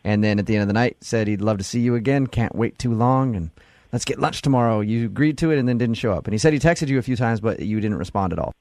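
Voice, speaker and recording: A man's voice: medium pitch, fast, a little mellow, no echo, clean studio sound. A man hosting a radio show, chatting casually and teasing the guests. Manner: teasing, joking. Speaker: radio host.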